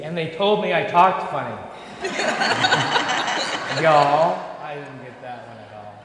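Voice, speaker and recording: A man's voice: medium pitch, a bit bright. Friendly male moderator in a very echoey hall. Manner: friendly, asks open questions. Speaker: panel moderator. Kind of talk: moderating a panel. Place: church hall. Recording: very echoey hall, faint noise.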